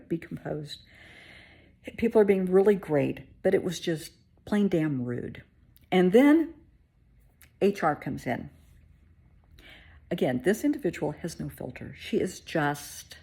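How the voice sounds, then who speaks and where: A woman's voice: low voice, gravelly, mellow, slightly rough. A woman, a therapist, candidly telling her own story in a conversational, emotional way. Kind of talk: personal storytelling vlog.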